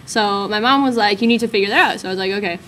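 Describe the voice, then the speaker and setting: A woman's voice: mid-range voice, racing, a bit bright, a little hiss or hum. A young woman telling a rambling story in casual chat, full of fillers, as a vlog co-host.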